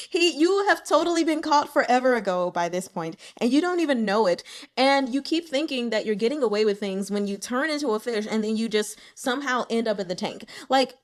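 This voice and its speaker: A woman's voice: a little high, expressive, fairly quick. Chatty woman reader, playful and giggly. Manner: chatty, playful, laughs often, talks to characters directly. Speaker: web novel audiobook reader. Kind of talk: casual commentary after reading chapters.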